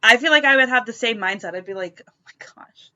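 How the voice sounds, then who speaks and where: A woman co-hosting a podcast, mostly giving short, supportive reactions in casual chat. Her voice is bright. The recording sounds a little dull and muffled. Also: a little high, animated, fast talker. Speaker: podcast co-host.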